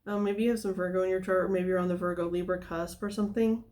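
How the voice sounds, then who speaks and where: A woman talks through a tarot reading in a loose, meandering monologue, with plenty of "like" and "um" as she goes. Her voice sits a little on the low side. She drifts off on tangents and then comes back to the cards. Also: steady tone, fast talker, darkish tone. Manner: rambling, many fillers and tangents. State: somewhat out of breath. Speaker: tarot reader.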